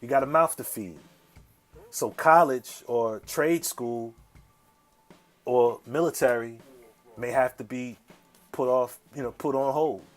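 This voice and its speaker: Podcast host, a man, mid-pitched. Casual, slangy, profane storyteller, with faint music behind. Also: slow, long pauses. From south side of Chicago, USA. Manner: slangy, profane, checks in with listeners.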